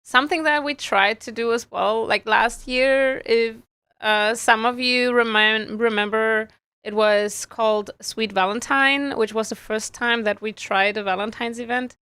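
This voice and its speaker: Slow-talking bright-voiced woman host. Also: on the high side, fairly even intonation, clean tone, dry recording. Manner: chatty, giggly, explains slowly. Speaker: community host. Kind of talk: casual live stream chat.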